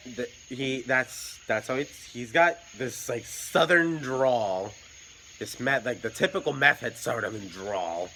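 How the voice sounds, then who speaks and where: A man's voice: medium pitch, slow pace, pushed and bright, a little hiss or hum, low-quality recording. Wry, profane man telling a story. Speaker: hotel night clerk telling stories. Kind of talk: casual storytelling.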